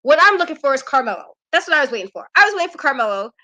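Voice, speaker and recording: High, bright-voiced sassy woman. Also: rapid-fire. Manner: animated, sassy, repeats herself for emphasis. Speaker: co-host of a wrestling aftershow. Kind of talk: casual opinionated chat.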